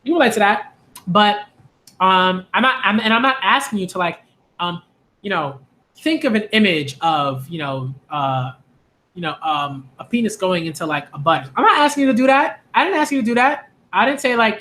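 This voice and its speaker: Expressive and bright with a forceful edge, his high voice moves at a moderate pace. The young anime and manga host from Hollis, Queens, New York speaks casually to camera, wandering through his points with many fillers and restarts.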